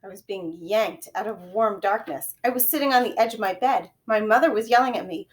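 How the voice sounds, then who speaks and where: A woman reading a children's chapter book aloud in a gentle storytelling manner, dropping to quiet whispers at times. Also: mid-range voice, a little fast, hardly any pauses. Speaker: reader.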